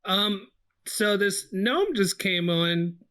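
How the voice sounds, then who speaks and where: A young man playing his character in a tabletop game, eager and quick to giggle. His voice sits higher than most men's. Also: expressive, fairly bright tone. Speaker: podcast regular, player. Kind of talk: casual podcast game play.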